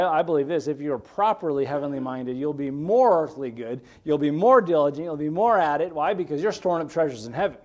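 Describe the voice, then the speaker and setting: A male pastor delivers a sermon in a church with an earnest, conversational manner. His voice sits slightly high for a man. He shifts from emphatic, raised passages to quiet, soft asides. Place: church sanctuary.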